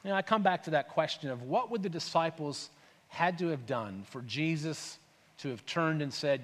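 A man's voice: fairly high pitch, sing-song, moderate pace, fairly bright tone, in a large hall. A man preaching a sermon as pastor, talking conversationally and asking his listeners rhetorical questions. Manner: conversational, asks rhetorical questions, acts out voices.

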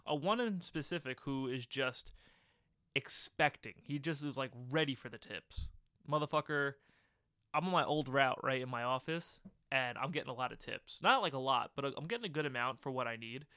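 A man's voice: mid-range voice, lively intonation, moderate pace, sharp tone, smooth, no echo, studio quality. A man of thirty chatting casually as a podcast host, rambling and swearing as he tells a work story. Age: 30s. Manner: rambling, profane, self-correcting. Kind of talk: casual chat.

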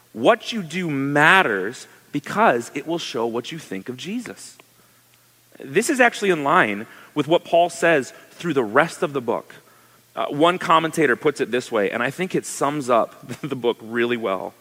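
Animated male pastor in a reverberant hall. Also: medium pitch. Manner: animated, conversational preaching with rhetorical questions. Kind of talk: sermon.

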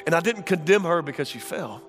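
A man in his thirties preaching a sermon with passion, swinging from shouts to hushed tones. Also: fairly high pitch, expressive, fairly quick, soft background music. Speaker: pastor.

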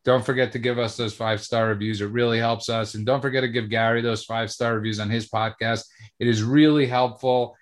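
A man co-hosts a casual podcast. He talks with halting, stammering restarts. In between he runs through friendly promo reads for the show. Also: mid-range voice, fairly even intonation. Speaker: podcast co-host.

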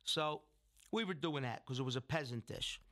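At normal speed, a middle-aged man with a fairly bright, medium-pitched voice, a restaurant owner and food entrepreneur, spins out a long story for an interviewer. He meanders, starts sentences over, and imitates what people told him.

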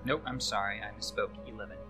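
A woman's voice: rumbling low, fairly even intonation, quick pace, pushed and bright, soft background music. A woman playing in a tabletop game, playful and joking. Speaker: player. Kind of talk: casual tabletop play.

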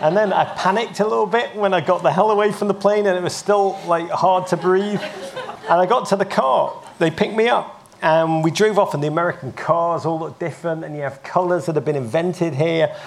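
An English man in his fifties, a broadcaster telling lively, self-mocking stories as a guest in a live interview. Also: high voice, brisk, creaky, a little hiss or hum. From England. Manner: animated, self-mocking anecdotes with frequent restarts. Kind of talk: live on-stage interview storytelling.

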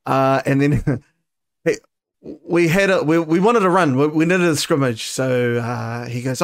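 This is a New man hosting a relaxed podcast. His voice sits notably high for a man. He tells stories in an animated, profane way and laughs often. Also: unhurried. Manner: animated storyteller, swears freely, laughs often. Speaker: podcast host. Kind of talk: casual chat.

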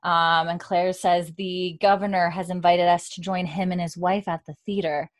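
A woman's voice: level tone, moderate pace. A young woman casually recapping a TV episode, chatting and acting out the characters' lines in a raised voice. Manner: chatty, acts out characters' lines with lifted pitch. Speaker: podcast host recapping a TV episode. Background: dog heard at times.

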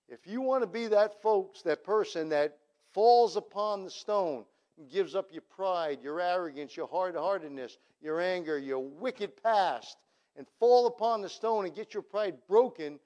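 A man's voice: a little high, lively intonation, moderate pace, darkish tone. A man delivers a sermon. He tells his story in a conversational way, then swells into emphatic calls to his listeners. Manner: storytelling, rising to emphatic appeals. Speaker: preacher.

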